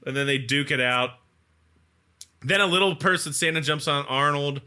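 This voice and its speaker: A man co-hosting a podcast, casually retelling a movie's plot and acting out its lines in quick mock voices. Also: a little high, fairly even intonation, sharp tone, smooth. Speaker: podcast co-host. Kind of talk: casual movie recap chat.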